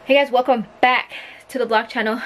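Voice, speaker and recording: A woman's voice: a little high, steady tone, a little fast, loud music behind the voice, low-quality recording. A young woman hosting a casual home vlog, chatty and short of breath, filming on a handheld camera at home. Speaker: vlog host.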